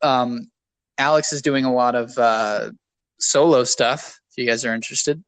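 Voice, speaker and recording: A man's voice: mid-range voice, fairly even intonation, measured pace, no room sound. A man co-hosting a casual podcast, talking in a rambling, self-deprecating way. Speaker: podcast co-host.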